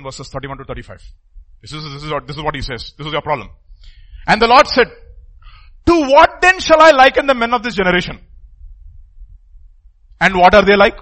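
A pastor preaching a sermon emphatically, his voice swinging from loud outbursts to hushed asides. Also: high-pitched.

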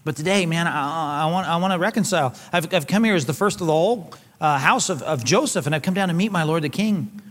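A man's voice: a little high, fast talker, fairly bright tone, natural voice. A man voicing a spiteful man who hurls insults and later grovels and stammers for mercy. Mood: groveling. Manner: jeering, then pleading and stammering. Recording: long hall reverb.

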